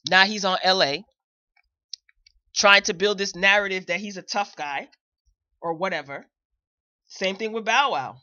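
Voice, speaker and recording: A woman's voice: medium pitch, unhurried, pauses often, bright, forceful tone, dry recording, lo-fi sound. A woman hosting a live commentary show, talking straight to her viewers and repeating phrases for emphasis. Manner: chatty, addresses viewers directly. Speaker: host.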